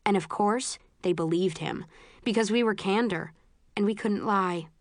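A woman voicing a blunt, sharp-tongued young woman in an audiobook, speaking wryly. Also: medium pitch, normal speed, dry recording, clean studio sound, lightly acted. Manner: blunt, wry.

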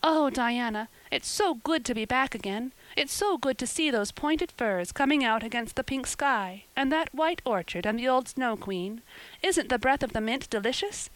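A woman's voice: high voice, animated, normal speed, dry recording, voice pushed up, low-quality recording. A woman voicing an eager, dramatic teenage girl who talks in gushing, pleading bursts. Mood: joyful, dreamy.

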